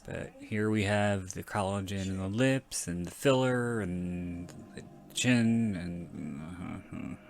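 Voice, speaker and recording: A man's voice: low-pitched, takes it slowly, few pauses. A man hosting a podcast, giving casual, rambling movie commentary, frank and prone to self-correction and casual swearing. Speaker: podcast host.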